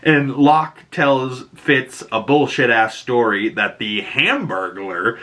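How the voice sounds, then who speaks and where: Bright-voiced Boston man recapping a show. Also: mid-range voice, slow. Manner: animated retelling with profanity and acted-out quotes. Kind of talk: casual episode recap.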